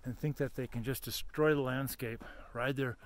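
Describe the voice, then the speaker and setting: A man's voice: medium pitch, fairly even intonation, normal speed. Tired, swearing man ranting outdoors. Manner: rambling, profane ranting. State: tired and heartbroken. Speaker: vlogger searching for his lost dog. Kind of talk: casual outdoor vlog. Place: outdoors in dry woods and arroyos.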